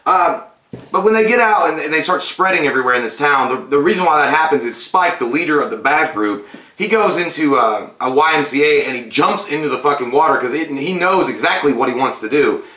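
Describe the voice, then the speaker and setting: A man co-hosting a casual movie review, swearing freely and acting out scenes in loud put-on voices. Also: on the high side, expressive, brisk, roomy sound. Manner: profane, bursts into shouted voices. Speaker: co-host.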